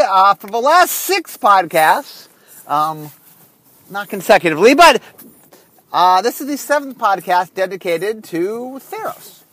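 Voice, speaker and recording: A man's voice: sits high, fairly bright tone, no room sound. A man hosting a casual solo podcast while driving in his car, rambling with lots of fillers and restarts. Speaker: podcast host.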